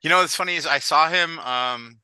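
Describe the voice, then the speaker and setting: Bright, crisp man hosting a podcast. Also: a little high, fairly quick, no echo. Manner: relaxed, asks guiding questions. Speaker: podcast host. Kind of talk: casual interview chat.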